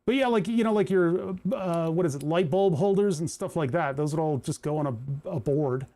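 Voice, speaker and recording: A man's voice: fairly high pitch, moderate pace, warm tone. A young man streaming live, chatting casually and rambling into asides while he works on a soldering job and reads chat. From United States.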